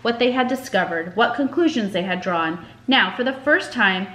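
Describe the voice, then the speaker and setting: A woman narrating a children's chapter book aloud with expressive storytelling. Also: mid-range voice, normal speed. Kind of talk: audiobook narration. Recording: echoey room.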